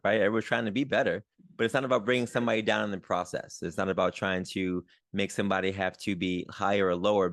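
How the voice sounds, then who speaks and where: This clean studio recording has no room sound and features a man's voice on the low side. He's a doctor hosting a podcast, and the casual interview has him backing up his guest while posing lengthy, meandering questions.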